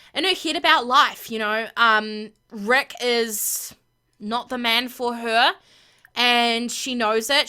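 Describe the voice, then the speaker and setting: A woman's voice: fairly high pitch, pushed and bright. A woman hosting a gameplay video, narrating in an emphatic, chatty way with lots of fillers. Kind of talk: casual gameplay commentary.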